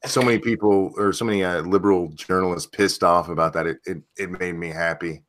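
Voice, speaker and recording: A man hosting a live stream chat, joking and irreverent with quick asides. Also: sits low, steady tone, a bit bright. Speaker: stream host.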